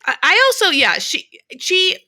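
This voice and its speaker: A woman's voice: very high voice, wildly swooping pitch, moderate pace, pushed and bright. Rambling, joking woman co-host. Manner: rambling, silly jokes, casual swearing. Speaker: podcast co-host. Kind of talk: casual chat.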